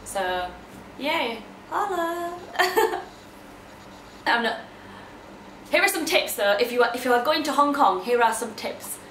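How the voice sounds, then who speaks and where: A woman's voice: a little high, lively intonation, brisk, a bit bright, slight background noise. A young woman from England, chatting casually to camera as a vlogger, bubbly and full of exclamations. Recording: roomy echo.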